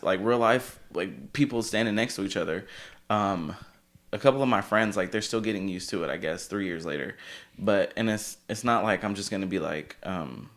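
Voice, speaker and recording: Low-voiced man in easy chat. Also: fairly bright tone. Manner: easygoing, laughs while telling stories. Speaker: guest. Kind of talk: casual interview chat.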